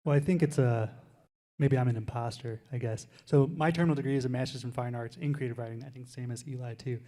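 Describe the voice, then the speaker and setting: Fast-talking man teacher on a panel. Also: medium pitch, steady tone, warm tone. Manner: quick, thoughtful, qualifying remarks. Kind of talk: college panel discussion.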